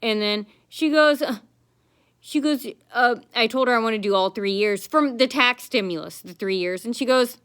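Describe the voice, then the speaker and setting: A woman's voice: fairly high pitch, moderate pace, a bit bright, smooth. A woman telling a long personal story to the camera in a casual, rambling, aggrieved way, full of fillers and restarts. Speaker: vlogger.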